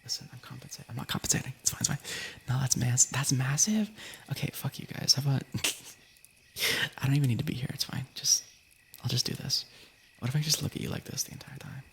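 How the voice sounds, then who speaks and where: A man's voice: mid-range voice, steady tone, fast talker, gravelly. Giggly whispering young man streaming ASMR. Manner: giggly, playful, keeps interrupting himself.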